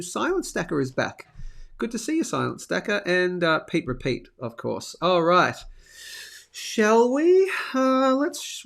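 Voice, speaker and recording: A man's voice: fairly high pitch, gravelly. Chatty Australian man hosting a live stream. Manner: chatty, upbeat, reads out viewer comments. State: sick with a throat infection, coughing. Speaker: host of a live stacking show. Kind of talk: casual live-stream chat.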